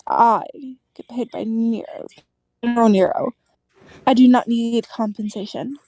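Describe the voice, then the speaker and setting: A woman's voice: fairly high pitch, steady tone, unhurried, dark tone, no echo. A woman voicing a stiff, dutiful female maverick hunter in a tabletop game, speaking in a clipped, matter-of-fact way.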